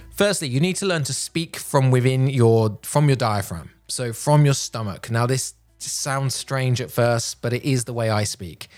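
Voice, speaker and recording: A man coaching public speaking, talking in a projected, deliberate way with pauses, recorded on a microphone while wearing headphones. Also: medium pitch, a little mellow. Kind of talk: instructional talk to camera. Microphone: headphones and a normal microphone.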